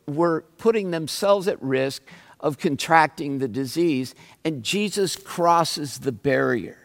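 A male pastor delivers a sermon at an unhurried, measured pace. His voice sits somewhat high, and he drives home his points with emphatic, searching questions. The sound carries a long reverb, as in a large sanctuary. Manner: slow, emphatic preaching with rising questions.

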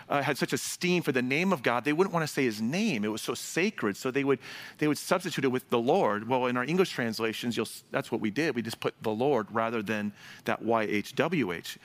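Guy preaching a sermon, kinda casual and jokey, bright forceful voice that bounces around. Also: medium pitch. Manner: lively, conversational preaching with asides and jokes. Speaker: pastor.

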